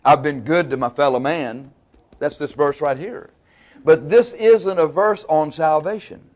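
Emphatic man preaching a Bible sermon. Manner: emphatic, asks questions and answers them; varies pitch and loudness widely.

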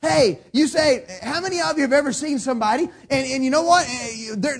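A male pastor preaching a sermon, telling folksy stories and rising to shouts. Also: extremely high pitch, slightly rough.

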